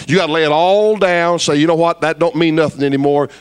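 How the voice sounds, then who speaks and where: A man preaching a fiery evangelistic sermon, dropping to low intensity then rising to loud, high shouts. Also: quick pace, clean tone.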